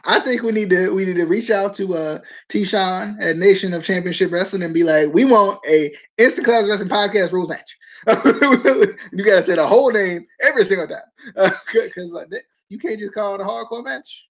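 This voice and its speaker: A man's voice: high-pitched, moderate pace, few pauses. Chatty man, dull lo-fi mic. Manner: laughs often, rambling with many restarts. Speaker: podcast host. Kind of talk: casual chat.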